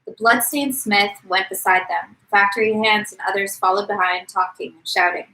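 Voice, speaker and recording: A woman's voice: medium pitch, fairly even intonation, normal speed, sharp tone, poor audio. A woman co-hosting a podcast, reading a novel aloud and acting out the quotes. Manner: reads with dramatic voices for quotes. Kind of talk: casual read-aloud podcast.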